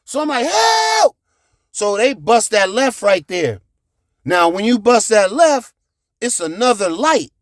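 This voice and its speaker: A man telling a profane childhood story, animated, with sound effects and shouted reenactments. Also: high-pitched, unhurried, no echo, clean studio sound. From United States.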